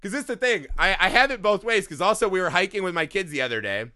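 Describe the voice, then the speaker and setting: A middle-aged man talks casually on a podcast, spinning lively stories with plenty of swearing and laughter. His voice is bright and forceful, sitting a little above the usual pitch for a man. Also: fast. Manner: animated storyteller, swears freely, laughs often. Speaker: podcast co-host.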